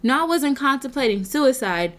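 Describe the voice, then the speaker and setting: Earnest woman with a higher voice. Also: lively intonation, normal speed, fairly bright tone. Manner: earnest, preacher-like, with rhetorical questions. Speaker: motivational speaker and nonprofit founder. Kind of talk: faith-based motivational talk to camera.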